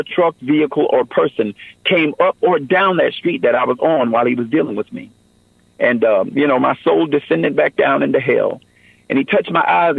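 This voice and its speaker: A man's voice: fairly high pitch, gravelly, slightly rough, no room sound, phone-quality sound. A man giving an earnest personal testimony in a radio interview, often saying "man" and "you know".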